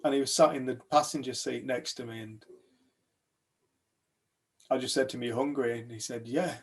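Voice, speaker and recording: Gravelly man telling a story. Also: mid-range voice, normal speed. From United Kingdom. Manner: animated storyteller, acts out other people's lines. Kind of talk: telling a personal story to a group.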